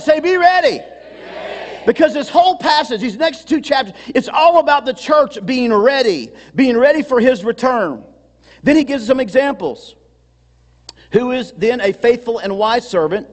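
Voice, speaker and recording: A male pastor preaching a sermon, calling on his congregation to respond and at times shouting for emphasis. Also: extremely high pitch. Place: church sanctuary. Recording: long hall reverb.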